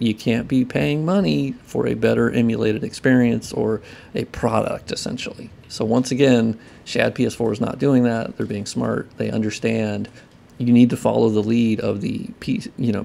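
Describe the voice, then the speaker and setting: A man's voice: medium pitch, normal speed, creaky, dark tone. A man talking casually and heatedly to camera as a game modder, ranting loosely and swearing. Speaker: modder and video creator. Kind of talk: casual talking-head commentary.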